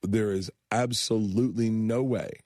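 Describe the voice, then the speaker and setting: A man in his fifties, a comedian telling animated stories on a radio show and acting out the other people in them. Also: lowish voice, moderate pace, no echo, studio quality. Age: 50s. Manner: animated storyteller, acts out voices and laughs a lot. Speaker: guest comedian. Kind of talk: storytelling in casual chat. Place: radio studio.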